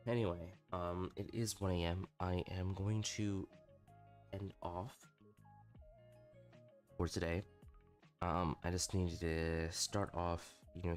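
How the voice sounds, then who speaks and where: Deep-voiced young man telling stories. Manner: candid, swearing, self-mocking. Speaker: livestreamer. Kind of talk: casual storytelling stream.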